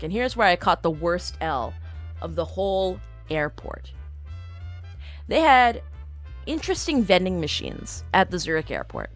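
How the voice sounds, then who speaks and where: Animated woman streamer telling a story. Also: fairly low pitch, unhurried, faint music behind. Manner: animated, exasperated storytelling with acted-out dialogue. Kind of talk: casual storytelling chat.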